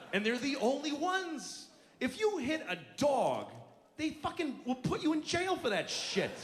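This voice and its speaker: A man's voice: very high-pitched, fairly bright tone, a little hiss or hum. A middle-aged man doing a stand-up routine on a club stage, ranting bluntly and profanely with exasperation, on a handheld mic. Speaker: stand-up comedian. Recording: roomy live club with audience laughter.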